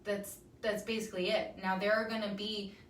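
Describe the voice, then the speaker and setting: A woman's voice: medium pitch, little pitch movement, moderate pace, slight background noise. A woman in her thirties hosting a casual live talk to viewers, chatty and emphatic with frequent ums. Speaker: wellness talk host. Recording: roomy echo, somewhat far from mic.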